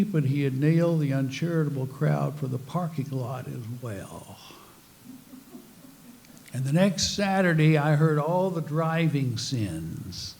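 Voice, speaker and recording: A man's voice: a little high, animated, unhurried, gravelly, a little mellow. An older man, a former priest, giving a talk to a spiritual group, telling personal stories with self-mocking humor. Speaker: speaker.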